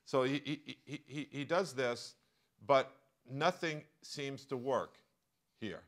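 A man with an American accent, a professor telling a story in a live masterclass, animated and full of asides. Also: mid-range voice, slow pace. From United States. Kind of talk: storytelling lecture to a live audience.

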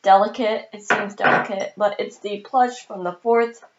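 A woman's voice: mid-range voice, moderate pace, highs cut off, a little hiss or hum. Chatty woman vlogger with hiccups. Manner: chatty and excitable, many ums and sos. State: has the hiccups. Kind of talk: casual haul video chat.

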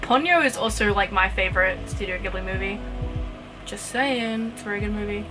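A woman's voice: medium pitch, fairly even intonation, low-quality recording. A young woman hosting a pet channel, chatting casually and reacting to videos with frequent exclamations. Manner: chatty, gushing, quick to exclaim and laugh. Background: background music.

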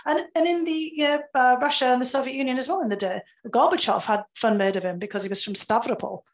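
A woman with a carefully enunciated Northern English accent, answering interview questions in a measured, explanatory way with frequent fillers. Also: on the high side, steady tone, low-quality recording. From England. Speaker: guest, former security official.

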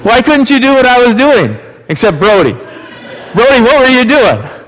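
A man with an Upper Midwest American accent, leading a children's message in church and gently asking the kids playful questions. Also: very high-pitched, very animated, measured pace. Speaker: pastor giving a children's message. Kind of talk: children's sermon. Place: church sanctuary. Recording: long church hall reverb.

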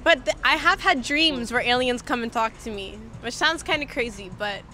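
Young woman, high bright voice, earnest, sincere, outdoors at night. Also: normal speed, soft background music. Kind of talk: casual street interview. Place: city street at night.

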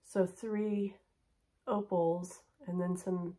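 Unboxing and trying on jewelry, this middle-aged haul vlogger keeps things chatty and upbeat, sinking to a near whisper whenever she goes in for a close-up. She speaks with a warm, fairly low voice that barely moves in pitch, stretching her words out.

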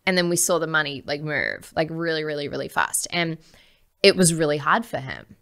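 A woman guest on a podcast, telling a personal story in a lively way, laughing often and acting out the voices she quotes. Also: low voice, brisk, creaky.

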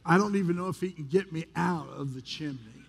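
A man from the United States with a fairly high voice preaches in a church sanctuary. He is a pastor who talks to the congregation in a conversational way. His stories are candid and self-deprecating. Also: a little fast, creaky, husky. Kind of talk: sermon.

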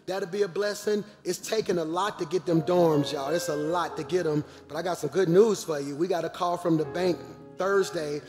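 A man, a pastor making lively announcements to his congregation from the pulpit. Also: on the high side, normal speed, few pauses, in a large hall, over music. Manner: animated, calls out to the congregation. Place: large church auditorium.

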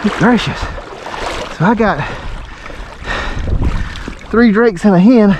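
A man, narrating his duck hunt in a folksy, excitable way, recorded outdoors in a windy marsh on a camera mic. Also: high-pitched, slow pace. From Alabama. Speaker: duck hunter and channel host. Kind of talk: outdoor hunting vlog narration. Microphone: handheld camera mic.

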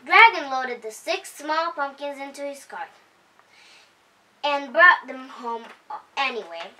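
A high, bright female voice reads a children's picture book aloud at home, its pitch rising and falling with the story. She keeps a slow, cheerful pace. The mic sits some way off. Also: animated. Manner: cheerful, unhurried read-aloud. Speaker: storytime host. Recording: voice heard from a distance.

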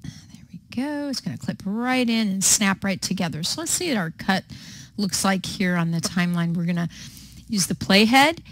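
A woman teaching video editing in a patient, step-by-step way, with frequent pauses and ums. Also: mid-range voice, lively intonation, slight background noise. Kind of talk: screen-recorded software tutorial.

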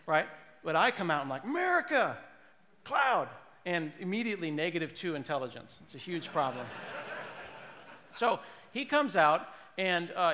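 A man giving a comedic tech keynote on stage, animated and jokey, now and then mimicking people in put-on voices. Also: on the high side. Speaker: conference speaker. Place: large conference hall. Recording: long hall reverb.

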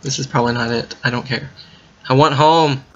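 A man commenting while playing a game, thinking out loud and breaking into excited yelps and gasps. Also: medium pitch, a little hiss or hum. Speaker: gaming video creator. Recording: muffled lo-fi mic with faint keyboard typing.

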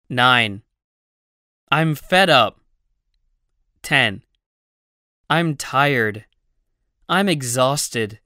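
A reader slowly and deliberately voicing English classroom phrases for a language-learning audio book, pausing between each one. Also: medium pitch, expressive, pushed and bright, dry recording, studio quality. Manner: slow, deliberate reading with pauses between phrases.

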